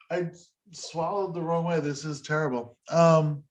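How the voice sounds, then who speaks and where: A man's voice: on the high side, steady tone, takes it slowly. A man hosting a podcast in casual chat, rambling and self-deprecating, laughing often. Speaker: podcast host.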